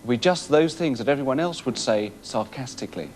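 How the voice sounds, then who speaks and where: Sketch narrator, male, mock-serious and earnest, animated voice. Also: mid-range voice, a little fast, a little hiss or hum.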